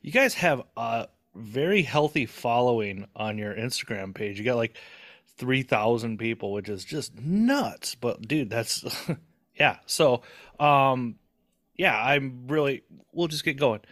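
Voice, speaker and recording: A man's voice: mid-range voice, expressive, a little slow, fairly bright tone. A man in his forties, hosting a casual podcast, rambling and self-deprecating and swearing casually. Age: 40s. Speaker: podcast host.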